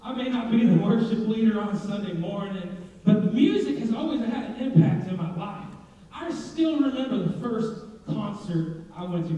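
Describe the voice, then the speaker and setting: A young male pastor with a high, mellow voice preaches a lively, joking sermon and keeps asking the congregation questions. He is recorded from a distance in a big echoing church hall, and the sound is dull and muffled. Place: church sanctuary.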